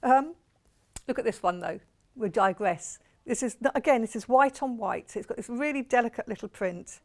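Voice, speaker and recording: Chatty Portsmouth-accented woman presenter, gravelly. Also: on the high side, normal speed. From England. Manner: chatty, rambling, gushing over products. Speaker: shopping channel presenter. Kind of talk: live shopping presentation.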